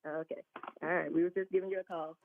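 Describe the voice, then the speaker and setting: A woman's voice: on the low side, steady tone, fast talker, gravelly. A woman calling into a radio show, chatty and familial. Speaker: caller. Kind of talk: casual phone call. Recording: tinny phone line.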